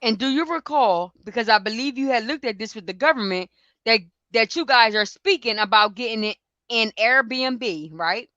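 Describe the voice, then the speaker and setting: A woman co-hosting a livestream who reads a court transcript aloud as the questioning lawyer, in a brisk clipped way, and chats casually between readings. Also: on the high side, expressive, pushed and bright, dry recording, muffled recording. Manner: questions in a brisk clipped way, each ending with "right?". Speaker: livestream co-host.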